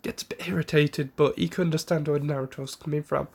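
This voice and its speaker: A man casually narrating an improvised fan story in a rambling, halting way with many restarts. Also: fairly high pitch, fairly even intonation, gravelly, a little mellow.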